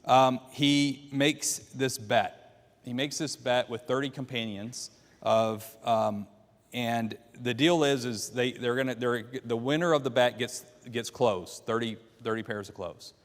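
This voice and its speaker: A man's voice: medium pitch, steady tone, unhurried, big-room sound. A man teaching a Bible class, walking listeners through the story by quizzing them with questions. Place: church classroom.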